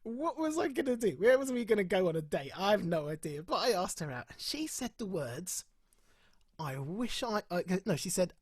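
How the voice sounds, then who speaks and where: A man's voice: high voice, big pitch swings, moderate pace, breathy edge, no echo. A middle-aged man from England, telling personal stories candidly, often laughing and repeating phrases for emphasis. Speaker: speaker at an online festival. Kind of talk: personal storytelling talk.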